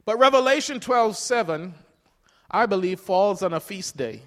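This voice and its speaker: An older man with a high voice preaches a sermon, emphatic and calling out to his congregation. He swells and drops between loud and soft. His words ring out with a long reverb through a church hall. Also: animated, moderate pace. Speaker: pastor.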